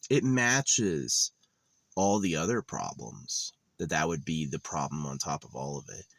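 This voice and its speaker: A man's voice: extremely low pitch, lively intonation, measured pace, vocal fry, a bit bright, no room sound. A young man rambling in a cynical, profane monologue vlog, recorded outdoors while he walks around a wooded area.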